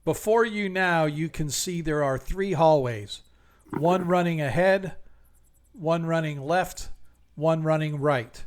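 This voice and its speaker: A man runs a tabletop game as its game master, setting each scene in a slow, unhurried way. His voice sits a little high for a man. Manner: slow, measured scene narration with fillers.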